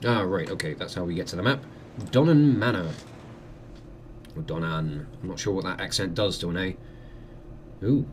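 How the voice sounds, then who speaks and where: A man's voice: low voice, a little hiss or hum. Wry man commenting on a game. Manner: wry, joking, quick asides. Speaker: let's play host.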